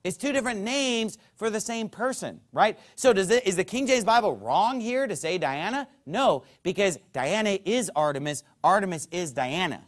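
A man's voice: sits high, lively intonation, normal speed, few pauses. A man preaching a sermon in an emphatic, conversational way, often checking in with his listeners.

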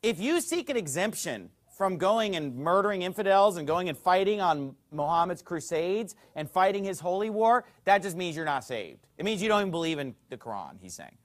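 A man's voice: high voice, very animated, moderate pace, hardly any pauses. A man preaching a heated sermon, firing off rhetorical questions, raising his voice in bursts, and stopping to read passages aloud from a book. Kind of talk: fiery sermon.

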